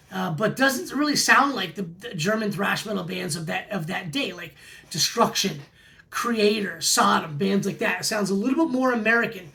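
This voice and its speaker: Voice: medium pitch, creaky, a bit bright. A record collector in their forties casually reviewing albums for a vlog, enthusiastic and given to repeating words of praise. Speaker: metal record collector host.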